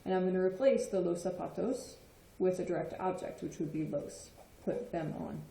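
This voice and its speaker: Teacher type: woman, low-ish mellow voice, patient explainer, roomy echo. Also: moderate pace, vocal fry. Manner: patient, checks in with frequent "okay?". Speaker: Spanish teacher. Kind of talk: explanatory lesson. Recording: echoey room.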